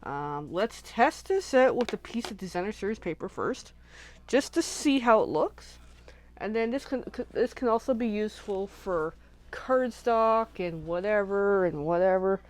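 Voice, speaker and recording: A woman's voice: mid-range voice, animated, a little slow. A woman hosting a casual live crafting session, chatting and rambling as she thinks aloud while she works at her craft desk. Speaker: craft channel host.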